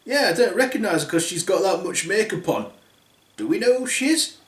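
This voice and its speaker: A man voicing squabbling, coarse ugly stepsisters in a shrill high voice. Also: very animated, fairly quick, fairly bright tone, echoey room, distant mic.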